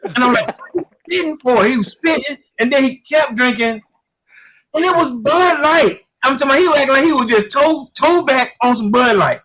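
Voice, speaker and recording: High, bright rambling storyteller man. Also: a little fast. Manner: rambling storyteller, repeats "I ain't gonna lie to you". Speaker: guest commentator. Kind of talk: casual sports chat.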